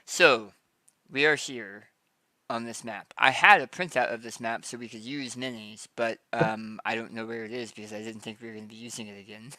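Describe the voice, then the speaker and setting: A man narrating as game master of a tabletop game in a relaxed way, with many ums and restarts. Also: mid-range voice, normal speed.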